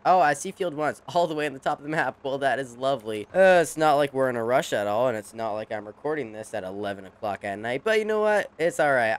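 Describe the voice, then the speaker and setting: A man's voice: mid-range voice, a little hiss or hum. A young man hosting a farming game, giving casual joking commentary in a rambling, playful way. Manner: jokey, rambling, playful cowboy banter. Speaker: gaming channel host.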